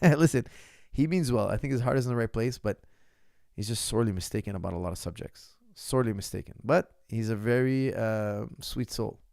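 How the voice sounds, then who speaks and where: Gravelly-voiced man coaching with emphasis. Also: mid-range voice, a little fast, darkish tone, no room sound, clean studio sound. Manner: emphatic, lecturing, mimics critics' questions. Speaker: martial arts coach. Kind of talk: casual Q&A monologue. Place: lives in Canada.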